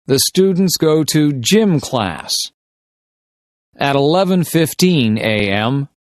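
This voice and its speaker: A man reading simple short stories slowly and deliberately for English shadowing practice. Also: mid-range voice, no room sound, clean studio sound. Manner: deliberate, carefully paced reading of short sentences. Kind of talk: slow scripted story reading for shadowing practice.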